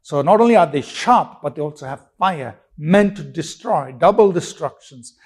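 A man preaching a sermon with a somewhat high voice. He talks emphatically, repeats phrases for effect and fires off rhetorical questions, sometimes restarting mid-sentence. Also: lively intonation, moderate pace, darkish tone, slightly rough.

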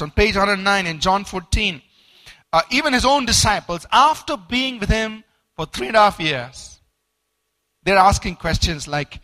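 A man preaching a sermon from a study book, animated, acting out quoted voices, with stumbling repeats and fillers. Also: sits high. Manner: animated, acts out quoted voices with rising emphasis.

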